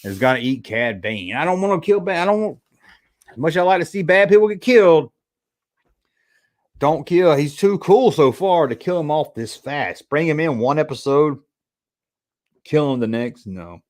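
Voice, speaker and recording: A man's voice: a little high, normal speed, long pauses. A man hosting a casual livestream, reading chat and joking around, yawning now and then. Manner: chatty, joking, animated retellings. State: sleepy, yawning. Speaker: YouTube host reading live chat.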